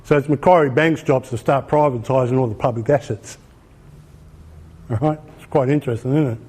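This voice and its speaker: A man's voice: medium pitch, brisk, a little mellow, slightly rough. A man with an Australian accent giving an informal presentation, emphatic, repeating his points and asking rhetorical questions. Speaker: speaker.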